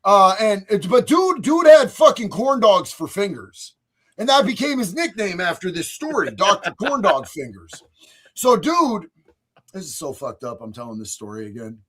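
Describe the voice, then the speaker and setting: A male streamer tells crude stories in a profane, boisterous way. His voice runs high for a man and leaps all over the place, jumping from loud bursts down to low mutters. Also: very animated, normal speed, breathy edge. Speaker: streamer host. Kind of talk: crude comedic storytelling on a livestream.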